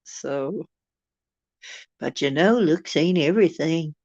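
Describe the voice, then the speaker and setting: Unhurried, jokey woman host, casual stream chat, dull dry sound. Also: deep voice, a little mellow, no echo. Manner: jokey, chatty, laughing easily. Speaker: channel host.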